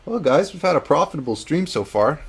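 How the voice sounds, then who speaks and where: Gravelly man chatting on a live stream. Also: on the high side, lively intonation, fairly quick. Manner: chatty, self-deprecating, laughs often. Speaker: host. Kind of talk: casual chat on a live painting stream.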